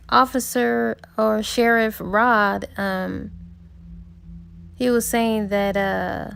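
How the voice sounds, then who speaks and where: A woman's voice: medium pitch, vocal fry, clean tone. A woman casually retelling a novel's plot as a book reviewer, chatty and slangy, with fillers.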